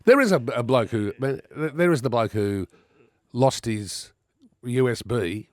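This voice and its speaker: A man's voice: medium pitch, takes it slowly, dry recording, clean studio sound. A middle-aged Australian man co-hosting a radio show, telling stories in casual banter with a laugh. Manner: animated storytelling with laughs. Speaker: radio co-host. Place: radio studio.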